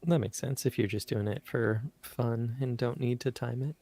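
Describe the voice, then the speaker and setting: A young man co-hosting a livestream who chats casually, relaxed and unhurried. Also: mid-range voice, gravelly, no echo. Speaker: co-host reading the chat. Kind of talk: casual chat. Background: faint music.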